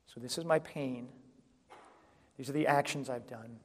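A man delivers a sermon in a conversational way, often checking in with the people listening. His voice sits at a middle pitch. The church hall around him is echoey, with a long reverb tail. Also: normal speed. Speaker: preacher.

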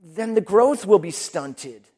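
A man's voice: sits high, lively intonation, takes it slowly, a little mellow. A man preaching a sermon in a conversational way, acting out people's inner voices.

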